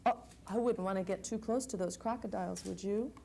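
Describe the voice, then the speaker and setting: A woman librarian leading a children's story hour, warm and coaxing as she reads aloud and asks the children questions. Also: medium pitch, normal speed, vocal fry, few pauses, a little hiss or hum.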